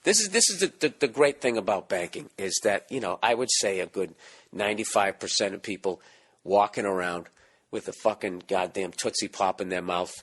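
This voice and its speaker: A man in his forties with a Boston accent, hosting a podcast, ranting casually with lots of profanity; his voice is hoarse from screaming. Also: fairly low pitch. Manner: profane, animated ranting with mocking asides. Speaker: podcast host.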